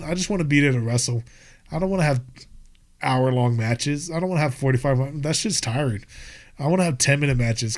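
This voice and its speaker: A man's voice: medium pitch, darkish tone. A young American man, a guest on a podcast, chatting casually in a rambling, profane, laid-back way. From United States. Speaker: podcast guest, skate filmer and wrestler.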